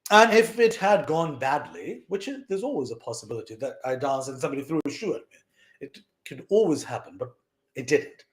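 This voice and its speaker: A young man from South Asia telling a personal story in an animated way, acting out quoted voices with frequent fillers. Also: mid-range voice, a little fast, roomy sound. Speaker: vlogger recounting lessons from his mother.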